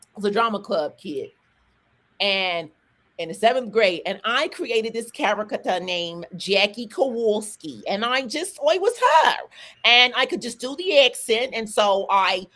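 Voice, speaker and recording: Animated woman rapper telling stories. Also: mid-range voice. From Southern US, Atlanta. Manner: animated, talks fast in bursts with restarts. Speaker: rapper, guest. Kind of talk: casual interview storytelling.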